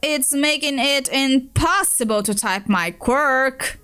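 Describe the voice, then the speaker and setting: A woman's voice: high-pitched, takes it slowly, sharp tone, clean tone, full character voice. A woman voicing a rude, arrogant, foul-mouthed alien boy while reading a web comic aloud, with faint music behind. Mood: demanding.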